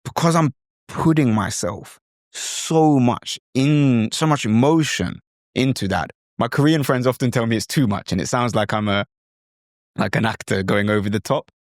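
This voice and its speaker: With a medium-pitched, expressive voice at normal speed, a British-accented man hosts a language-coaching podcast in a dry, clean studio recording. He gives enthusiastic instruction and often drops into imitations of other accents.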